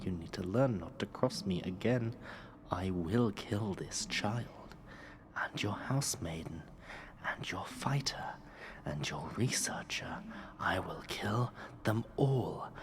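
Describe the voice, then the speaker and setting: A streamer voicing a cruel, gloating villain king from a game, in a whispered role-play with hushed, threatening, drawn-out words. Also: low voice, background noise. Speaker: streamer reading game dialogue.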